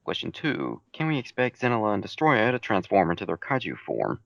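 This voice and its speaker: On a dull home mic with no room sound, a man with a lowish, wildly swooping voice and vocal fry talks fairly quickly, barely pausing. He's casually fielding readers' questions about his fan fiction, keeping his replies dry and matter-of-fact.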